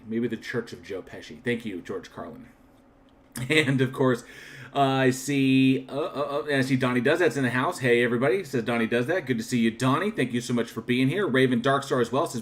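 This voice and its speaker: A man hosting a livestream, chatting casually and thanking viewers one by one, with frequent restarts and a candid, reflective manner. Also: mid-range voice. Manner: reflective and candid about his channel. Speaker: livestream host. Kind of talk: casual live-chat shoutouts.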